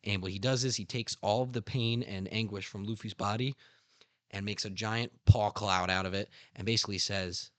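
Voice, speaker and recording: A young man hosting a casual podcast, excitedly retelling anime scenes with slang and acting out character lines. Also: lowish voice, moderate pace, no room sound. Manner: animated storytelling with slang, acts out character lines. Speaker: podcast host.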